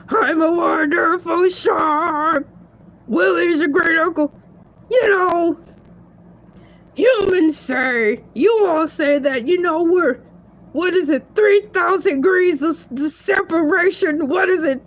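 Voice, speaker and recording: A woman's voice: very high voice, slow. A woman voicing a goofy, rambling male shark celebrity who giggles and stretches his words out in a comedic monologue. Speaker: show guest.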